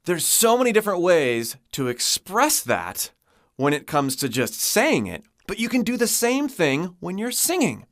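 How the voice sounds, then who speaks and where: A man's voice: sits high, a little slow, dry recording, studio quality. A man, a vocal coach, explaining singing techniques and demonstrating them with his own voice. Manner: expressive, demonstrates with voice.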